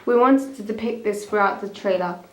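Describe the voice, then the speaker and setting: Young female student presenter, reads haltingly, roomy echo, mid pitch. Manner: stumbling, restarting lines. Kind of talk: reading a school media evaluation.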